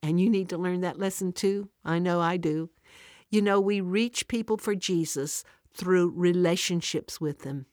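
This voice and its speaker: A woman's voice: on the low side, unhurried, a little mellow, dry recording, studio quality. A woman giving an earnest devotional talk, telling a story and speaking directly to the listener.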